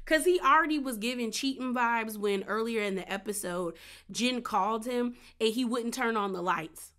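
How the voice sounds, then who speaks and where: A woman's voice: on the high side, moderate pace, fairly bright tone. A woman giving a casual, sassy recap of a reality show, chatty and playful. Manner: chatty and sassy, acts out quotes with gasps and laughs.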